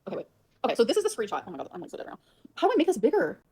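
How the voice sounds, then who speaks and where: A woman's voice: on the high side, huge pitch swings, rapid-fire, a little mellow, breathy edge. A woman on a livestream, rambling to her viewers in a flustered way and swearing a lot.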